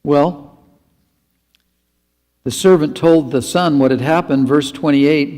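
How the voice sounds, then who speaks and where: A man's voice: fairly high pitch, slow pace, long pauses, darkish tone, long reverb tail. A man preaching a sermon as pastor, earnest and pleading.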